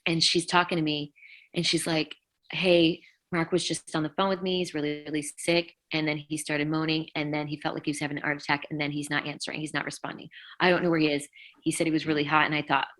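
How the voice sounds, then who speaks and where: Middle-aged woman guest, low and bright-toned, halting emotional storytelling. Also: little pitch movement. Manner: emotional, halting retelling with many fillers. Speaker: interview guest, former band vocalist. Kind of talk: casual interview storytelling.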